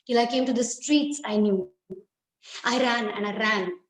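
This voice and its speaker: A woman telling a dramatic first-person story in a slow, deliberate, expressive way. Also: a little high. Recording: echoey room.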